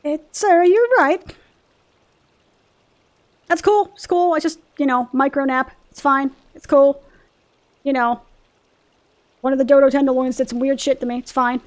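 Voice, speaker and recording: A woman's voice: sits high, steady tone, normal speed. A woman giving casual gameplay commentary, sarcastic and swearing as she riffs on the game's dialogue. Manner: sarcastic, swears, mock-reads game dialogue. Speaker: let's play gamer. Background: faint game music.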